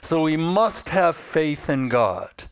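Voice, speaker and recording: Slow, smooth-voiced male Bible teacher. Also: fairly high pitch, big pitch swings. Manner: storytelling with rhetorical questions; unhurried, repeats phrases for emphasis.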